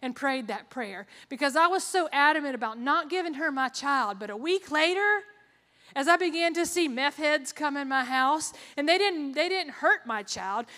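Bright-voiced woman giving a testimony. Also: high-pitched, expressive, moderate pace. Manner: earnest, emotional, with sarcastic asides. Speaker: testimony speaker. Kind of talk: personal testimony talk. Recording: long hall reverb.

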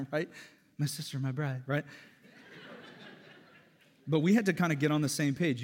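A man preaching a sermon as pastor, animated and joking, with loud emphatic peaks. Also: mid-range voice. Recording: long hall reverb.

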